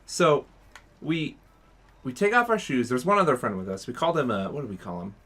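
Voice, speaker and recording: A young man telling a long story on a podcast, rambling with restarts and acting out what others said. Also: brisk. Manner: animated, acts out quotes in a higher voice; rambling with many restarts and fillers. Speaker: podcast co-host. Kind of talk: casual storytelling.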